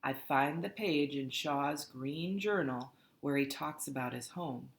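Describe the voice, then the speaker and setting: Audiobook narrator, woman, low and slow, earnest reading, echoey room. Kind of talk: first-person storybook narration. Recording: roomy echoey recording.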